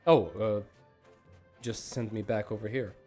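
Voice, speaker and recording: A man's voice: on the low side, steady tone, unhurried, a little mellow, soft background music. A man giving casual live commentary while playing a game, rambling and self-deprecating as he thinks aloud. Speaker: gaming livestreamer.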